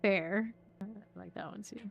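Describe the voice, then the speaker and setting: A woman's voice: mid-range voice, unhurried, vocal fry, muffled recording, music in the background. A woman from Central Florida chatting casually with her viewers while playing a game, laughing often. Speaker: streamer. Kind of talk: casual live-stream chat while gaming. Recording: steady background noise.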